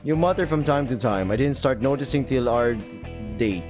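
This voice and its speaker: A teasing pterodactyl schoolgirl from a visual novel, speaking softly with a lightly lowered tone, as a man reads her part in his own voice. Faint guitar music plays behind her. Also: expressive, normal speed, close to an everyday voice. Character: shy teasing young female pterodactyl schoolgirl. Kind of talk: reading a character's lines in a visual novel.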